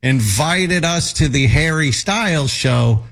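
A man's voice: on the high side, lively intonation, slow pace, gravelly, noisy background. A man in his thirties, a talk show regular, telling a casual anecdote in a rambling way with many fillers and restarts.

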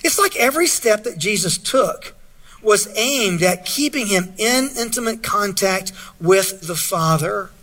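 A man's voice: high voice, expressive, measured pace, bright, forceful tone, slightly rough. A man preaching a sermon, reading scripture aloud and earnestly asking his listeners questions. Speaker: pastor.

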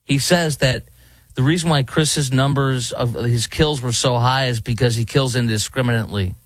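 A man's voice: medium pitch, moderate pace, dry recording. A man, hosting talk radio and giving indignant, rambling commentary. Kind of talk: opinionated commentary. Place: studio in Dallas.

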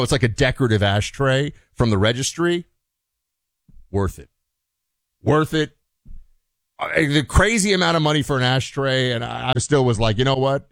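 A man's voice: medium pitch, no echo, studio quality. A man hosting a radio talk show, giving a rambling, opinionated monologue full of restarts and quoted asides.

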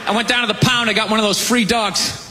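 A man's voice: sits high, fairly even intonation, fast talker, background noise. A man doing a sarcastic stand-up comedy bit, punchy and mock-outraged.

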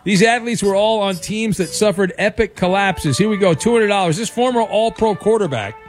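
Radio host guy, kinda high voice, quick jokey banter, music faint behind. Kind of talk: sports talk radio.

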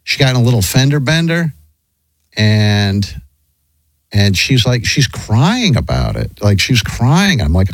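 A man's voice: fairly low pitch, a little slow, pauses often, no echo, poor audio. A middle-aged man telling a long, rambling story in casual chat, with many restarts. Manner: rambling, animated, frequent restarts.

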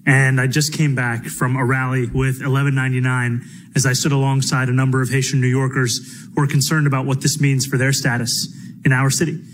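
A man, a politician, giving an earnest, measured prepared statement at a press event. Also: medium pitch, little pitch movement, low-quality recording.

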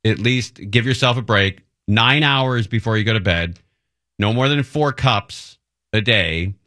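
A man's voice: lowish voice, unhurried, sharp tone. A middle-aged man hosting a radio show, joking and laughing at himself. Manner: self-mocking, jokey, laughs often. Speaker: radio host. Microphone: studio mic.

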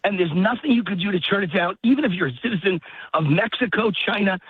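Out of breath from walking his dog in a park, a guest commentator phones in to a political talk show and rants heatedly, hammering points through repetition. His high-pitched, husky voice moves fast, and the phone line sounds tinny and dry.

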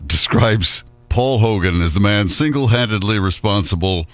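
A man hosts morning radio in relaxed, chatty banter. His voice sits very low. Faint music plays underneath. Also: normal speed, no room sound.

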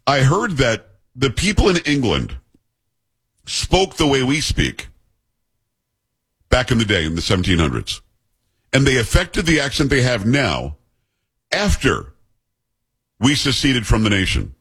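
A man hosts a radio talk show with a lively, swinging delivery. His voice is husky and a little rough around the edges. He jokes and presses his points with emphasis. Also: medium pitch, unhurried, pauses often. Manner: animated, emphatic, joking. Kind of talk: casual talk radio banter.

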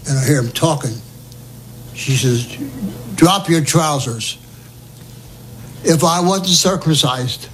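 A man's voice: mid-range voice, low-quality recording. Older man, oral history storyteller, humorous, acts out dialogue, faint hiss behind. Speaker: veteran telling a war story.

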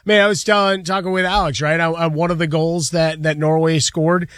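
A man's voice: a little high, fairly even intonation, fairly quick, a bit bright, no echo. A man co-hosting a sports talk show, teasing his partner in a dry way.

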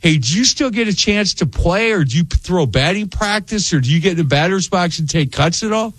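Brisk and high-sitting, with no echo, a middle-aged man hosts a radio interview program. He tells stories with animation and does voices for the characters in them.

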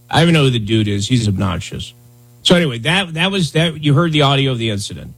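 A man's voice: medium pitch, big pitch swings, fast talker, creaky, fairly bright tone, slightly rough, low-quality recording. A man hosting a political commentary show, talking bluntly and heatedly, often repeating himself.

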